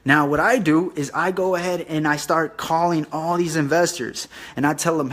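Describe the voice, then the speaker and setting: Young guy swearing his way through a real estate how-to, kinda high voice. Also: steady tone, normal speed, few pauses, a bit bright. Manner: profane, loose and conversational. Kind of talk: casual whiteboard tutorial.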